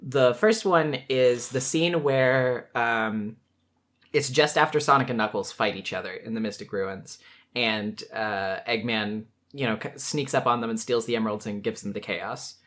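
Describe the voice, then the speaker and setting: A man hosting a casual chat, talking animatedly, laughing often and jumping up in pitch to act out quoted lines. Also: normal speed, fairly bright tone. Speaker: podcast host.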